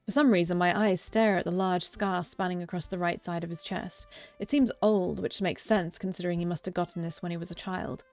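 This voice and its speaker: Low-voiced woman reading a game aloud. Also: steady tone, fairly quick, a little mellow, faint music behind. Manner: breaks off narration for joking, swearing asides; restarts and self-corrections while reading. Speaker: let's play streamer. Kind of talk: reading a visual novel aloud with commentary.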